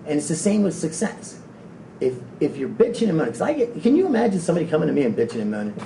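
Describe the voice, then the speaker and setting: Gravelly man rambling in an echoey room. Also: big pitch swings, racing, mellow. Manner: rambling, stumbling over repeated words. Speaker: motivational speaker. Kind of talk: live motivational talk to an audience. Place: event room. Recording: echoey room from a distance, faint low rumble.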